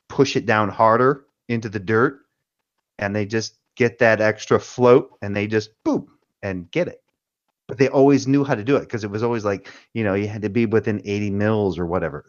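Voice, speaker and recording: Swearing freely, a man who is a military veteran and panelist rambles through stories in a casual chat. His voice is lowish, and the sound is lo-fi.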